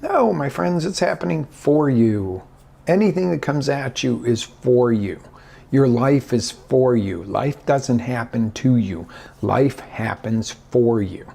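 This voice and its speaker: A male life coach speaks with a gravelly edge to his mid-pitched voice. He talks in an animated way and keeps acting out little scenes. His pitch jumps high for dramatic effect. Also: slow pace. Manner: animated, acts out scenarios with big voice inflections. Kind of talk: motivational talk.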